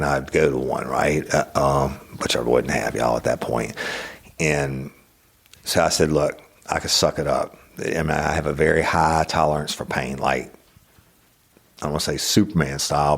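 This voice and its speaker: A middle-aged man hosting a podcast, telling a personal story in a blunt, profane, animated way. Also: rumbling low. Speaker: podcast host. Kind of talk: casual storytelling monologue.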